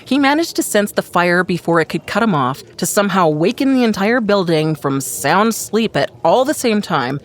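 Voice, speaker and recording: A woman voicing a wary, sly male vampire in a dramatic reading of a novel scene, with a cool, measured delivery. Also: mid-range voice, lively intonation, lightly acted. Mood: haughty.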